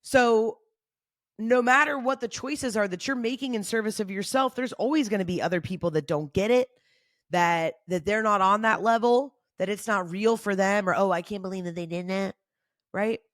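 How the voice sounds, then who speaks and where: A woman's medium-pitched voice, at normal speed, drives an improvised motivational talk on the podcast she hosts. She's fired up and emphatic, cursing freely and repeating phrases to hammer points home. The audio is studio quality, without echo.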